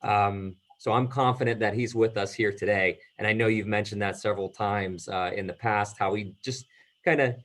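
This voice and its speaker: A man's voice: lowish voice, steady tone, normal speed, a bit bright. A man interviewing a guest, talking casually and hesitantly with many fillers.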